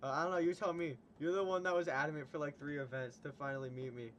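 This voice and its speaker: A young man hosts a casual livestream, chatting with a guest, laughing a lot and retelling stories. His voice is a little high with fairly even intonation and a fairly bright tone, and he talks fast. There's slight background noise.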